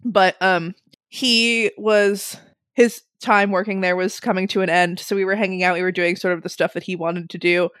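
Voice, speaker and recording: A young woman telling a funny story in a casual way, animated, laughing often and swearing freely. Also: fairly low pitch, moderate pace, clean tone, no room sound, clean studio sound.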